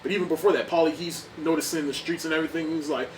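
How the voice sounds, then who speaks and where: A man's voice: fairly high pitch, fairly even intonation, very fast, few pauses. A young man casually reviewing a movie in an enthusiastic, rambling way, often repeating himself. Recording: distant mic, faint background noise.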